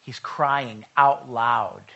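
Bright, animated male preacher. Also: mid-range voice, drawn-out words, creaky, highs cut off. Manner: conversational, swings from loud urging to hushed reading. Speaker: pastor. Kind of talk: sermon.

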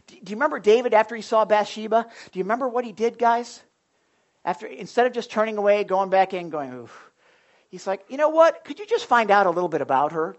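A middle-aged man preaching a sermon in a lively, chatty way, slipping into quick acted asides. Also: high voice. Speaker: pastor.

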